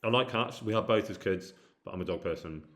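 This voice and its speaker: Low-voiced man chatting on a stream. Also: fairly quick, a bit bright. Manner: rambling, reads out and answers viewer questions; frequent hesitant fillers. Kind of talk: casual live-stream chat.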